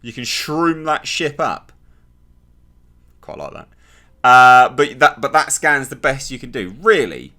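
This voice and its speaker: Sarcastic man with a lively voice. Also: medium pitch, measured pace. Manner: sarcastic, exasperated, mocking impressions. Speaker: TV show reviewer. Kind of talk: casual spoken review.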